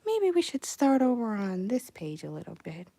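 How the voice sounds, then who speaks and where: A young woman chatting casually on a livestream while she animates, reading chat messages aloud and breaking into excited outbursts. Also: a little high, normal speed, vocal fry, dry recording.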